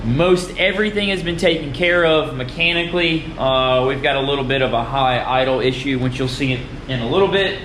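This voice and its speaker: A man's voice: medium pitch, fairly quick, few pauses. A young man with a nervous, rambling manner, chatting casually to camera about his car. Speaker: car vlogger. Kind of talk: casual vlog, talking while driving. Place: inside a car. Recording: echoey with loud car noise.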